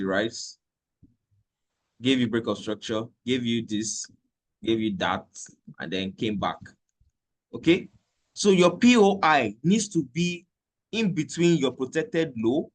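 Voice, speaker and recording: A man teaching a live trading lesson in a conversational way, repeating points and checking in with "okay?". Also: mid-range voice. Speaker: trading instructor.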